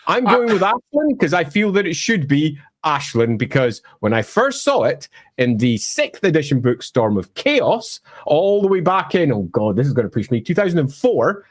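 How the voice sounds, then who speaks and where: A Scottish man with a fairly high voice talks through fantasy lore. He is emphatic and wry, and his pitch swings widely as he argues his points. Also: sing-song, moderate pace, few pauses. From Scotland. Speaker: lore presenter. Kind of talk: opinionated lore explainer.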